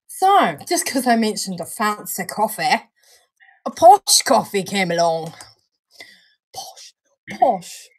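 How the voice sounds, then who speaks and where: A woman talks casually on a live stream, taking her time over every sentence. She is chatty and relaxed, trailing off mid-thought and laughing often. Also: medium pitch, unhurried. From Australia or New Zealand. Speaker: co-host of a vape review stream.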